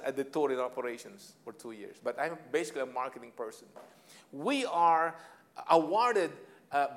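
A man's voice: medium pitch, fairly bright tone. A man in his sixties with a Filipino accent, giving a humorous motivational talk on leadership. He tells personal stories with theatrical flair, chuckles at his own jokes and slips into Tagalog phrases. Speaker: speaker on leadership.

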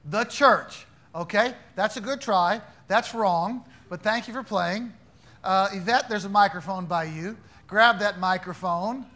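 A man's voice: high voice, measured pace, sharp tone. A man teaching an interactive Bible class, quizzing his students in a playful, teasing way.

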